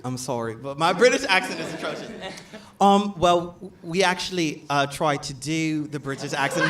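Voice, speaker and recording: A man's voice: fairly high pitch, moderate pace. A man on a fan meetup panel, talking in an apologetic, self-deprecating way. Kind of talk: casual panel talk. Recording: distant mic with crowd noise.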